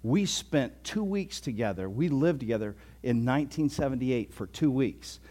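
A man's voice: mid-range voice, lively intonation, normal speed, dark tone. A man in his sixties, a pastor, giving a folksy, conversational sermon, often chuckling and restarting his sentences.

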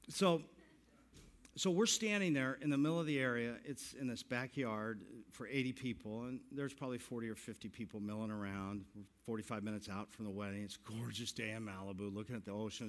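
A man in his sixties preaches with a storyteller's energy. He pokes fun at himself between points and laughs through his lines. His pitch sits in an ordinary middle range for a man. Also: fairly even intonation, fairly quick. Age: 60s. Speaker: pastor. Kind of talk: sermon with personal storytelling.

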